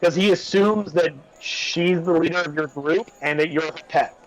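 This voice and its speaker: A man's voice: fairly high pitch, normal speed, poor audio. A man narrating a tabletop game as game master, casual and rambling with many fillers.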